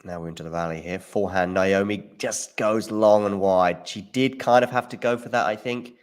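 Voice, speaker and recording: A man hosting a live tennis watchalong, giving relaxed play-by-play with opinions. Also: on the low side, normal speed, clean tone. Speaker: watchalong host. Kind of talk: live match commentary.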